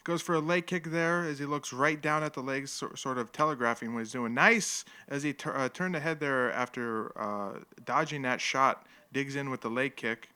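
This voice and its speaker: A man's voice: mid-range voice, normal speed, few pauses, pushed and bright, clean tone. A man hosting a live stream, casually commenting on an old fight with jokes, rambling asides and frequent laughter. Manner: rambling, joking, laughs often. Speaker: livestream host.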